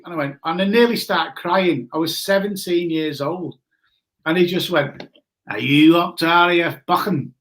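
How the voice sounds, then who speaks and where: A man in his forties telling a story in a casual chat, animated and laughing often, greeting viewers as he goes. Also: a little high, moderate pace. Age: 40s. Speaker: guest.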